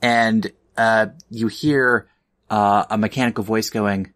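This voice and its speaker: A man running a tabletop game as game master, narrating in a slow, unhurried way. He talks haltingly, with frequent pauses and fillers. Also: fairly low pitch, steady tone, fairly bright tone.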